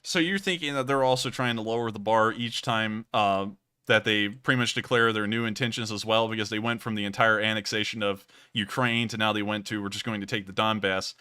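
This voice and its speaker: A male livestream host leads a charity stream with effusive thanks to donors. His voice is bright and crisp, and it sounds close and dry. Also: lowish voice, fairly even intonation, brisk, dry recording.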